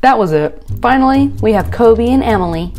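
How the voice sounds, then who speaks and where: A woman's voice: fairly high pitch, expressive, fairly quick, darkish tone. Sarcastic woman recapping reality TV. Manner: sarcastic, exasperated commentary. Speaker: reaction channel host. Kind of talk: recapping and reacting to a reality show.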